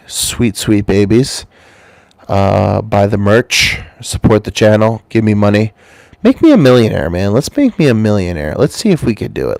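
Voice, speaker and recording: A man's voice: fairly low pitch, gravelly, no echo. A man with a cold hosting his channel, rambling through a crude comic monologue full of swearing, with a stuffy, congested voice. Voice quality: stuffy-nosed. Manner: loose, swearing, swings between mumbles and loud jumps. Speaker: channel host.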